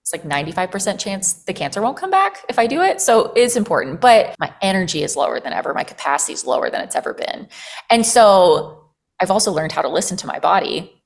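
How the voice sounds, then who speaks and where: A woman guest on a podcast, telling a personal story in casual conversation. She is animated, leans on "like" as filler, and swears freely. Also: mid-range voice, quick pace, gravelly.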